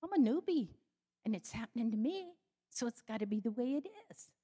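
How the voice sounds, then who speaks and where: An older woman telling her personal faith story, animated and acting out the voices she quotes. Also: brisk, breathy edge. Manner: animated, acts out quoted voices with sudden high jumps. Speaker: speaker giving a personal faith testimony.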